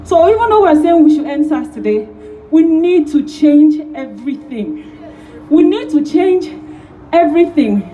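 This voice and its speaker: A woman's voice: high-pitched, sing-song, a little slow, mellow, muffled recording, faint music behind. A woman in her thirties from Nigeria giving an emotional, rousing speech at an outdoor rally, repeating key phrases. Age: 30s. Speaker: rally speaker.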